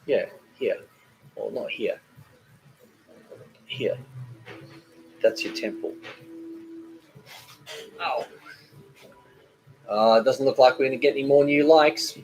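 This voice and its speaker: A man's voice: medium pitch, slow pace, gravelly, pauses often, a little mellow, slight background noise, low-quality recording. A man, hosting a casual live cooking chat, rambling and joking as he reads viewer comments. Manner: rambling and chatty, with many fillers and joking asides. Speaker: cooking channel host.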